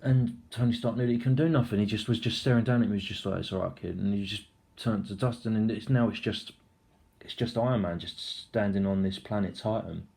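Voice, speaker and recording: A man's voice: on the low side, a little fast, mellow. A young man casually recapping a film, rambling, swearing freely and acting out the scenes. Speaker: film reviewer.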